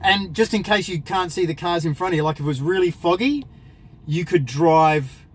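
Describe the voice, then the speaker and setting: A man's voice: high-pitched, quick pace, a bit bright, poor audio. A middle-aged man chatting casually while driving a car, making wry, crude jokes as he goes. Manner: wry, crude, joking asides. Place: inside a moving car. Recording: road noise from the car.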